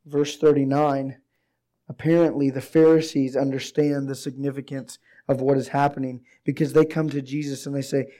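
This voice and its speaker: A male pastor preaching a sermon and reading scripture aloud, his voice hoarse from a recent illness, rising to excited emphasis at points. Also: medium pitch, normal speed.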